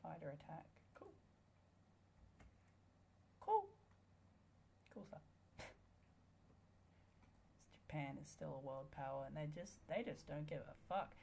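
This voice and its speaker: A woman talks through a strategy game in casual let's play commentary. Her voice sits low with a gravelly fry. She is sarcastic and playful, and swears freely at the game. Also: very animated, unhurried, pauses often, dark tone. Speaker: gamer.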